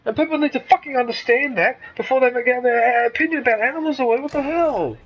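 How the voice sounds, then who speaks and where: A man's voice: very high-pitched, rapid-fire, muffled recording. An Australian man streaming a game, ranting heatedly and swearing freely while talking to his live chat. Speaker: gaming streamer. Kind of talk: casual live-stream commentary.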